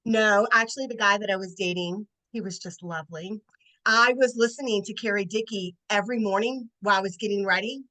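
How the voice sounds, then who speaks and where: Woman, late forties, animated storyteller, acts out voices, crisp bright tone, video call. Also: mid-range voice, brisk, poor audio. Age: 40s. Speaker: network marketing consultant. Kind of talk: storytelling on a team training call.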